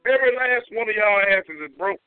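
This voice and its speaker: A man hosting a call-in comedy show, ranting loudly and profanely with whooping shouts, heard over a tinny phone line. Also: sits high, a little fast, clean tone, dry recording, soft background music. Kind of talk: comedic call-in radio rant.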